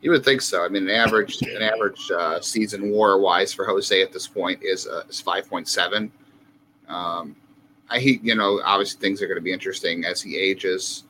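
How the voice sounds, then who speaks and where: A man's voice: low voice, steady tone, moderate pace, bright, forceful tone, slight background noise, low-quality recording. A man co-hosting a casual sports podcast, thinking aloud about numbers with many fillers. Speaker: podcast co-host.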